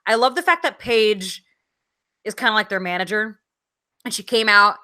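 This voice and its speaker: A woman's voice: mid-range voice, moderate pace, sharp tone. A woman co-hosting a podcast in casual chat, blunt and profane, with frequent fillers. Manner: blunt, swears freely, lots of fillers. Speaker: podcast co-host.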